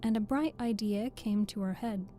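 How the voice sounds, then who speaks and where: A woman with a Southern US accent reading a storybook aloud in a gentle, unhurried way. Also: mid-range voice, faint music behind. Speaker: audiobook reader.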